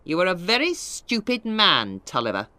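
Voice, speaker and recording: A woman's voice: on the low side, wildly swooping pitch, normal speed, pushed and bright, no room sound, heavily acted. A woman doing a curt scornful lawyer. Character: cold, scornful male lawyer.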